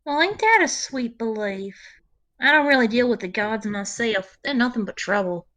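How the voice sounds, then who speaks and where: Bright-voiced woman playing a tabletop game. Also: on the high side, lively intonation, moderate pace. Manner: casual, affectionate, in-character asides. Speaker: player. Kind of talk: tabletop role-play chat.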